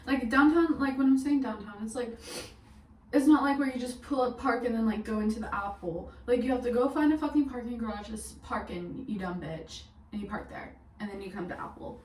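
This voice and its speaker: A woman's voice: on the high side, fairly quick, darkish tone, far from the mic. A young woman telling a story in a casual vlog, chatty and full of swearing, laughing as she goes. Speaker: vlogger. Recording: echoey room, mic set back, faint hiss.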